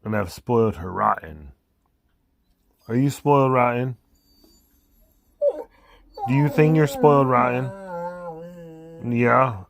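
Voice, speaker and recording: A woodworker talking slowly to his dog, teasing and doting on her. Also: mid-range voice, expressive, creaky, a crowd in the background. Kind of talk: casual talk to a pet.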